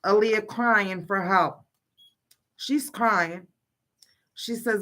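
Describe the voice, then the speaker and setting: A woman's voice: mid-range voice, very slow, a bit bright. A middle-aged woman, a grieving mother, talking casually on a livestream and insistently reading out a list of questions. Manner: blunt and insistent, pressing question after question.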